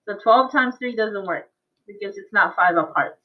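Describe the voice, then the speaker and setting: A woman's voice: medium pitch, moderate pace. A woman math teacher teaching an online class, coaxing and quizzing her students and laughing often. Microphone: video call. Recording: tinny phone-like audio.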